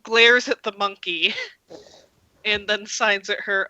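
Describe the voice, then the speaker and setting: A woman player narrating her character's actions in a tabletop game, halting, with many ums and restarts. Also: mid-range voice, steady tone, sharp tone, no room sound, rough recording. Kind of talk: casual tabletop game play.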